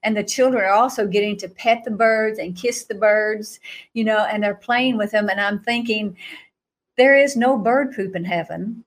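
A middle-aged woman telling a story in an animated way, laughing often and jumping to a high voice when she acts out reactions. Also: moderate pace. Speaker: guest recounting a vision.

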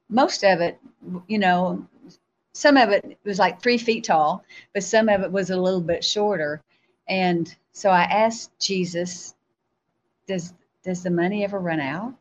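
A woman, a guest in an interview, telling a personal story in a halting, rambling way full of fillers. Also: medium pitch.

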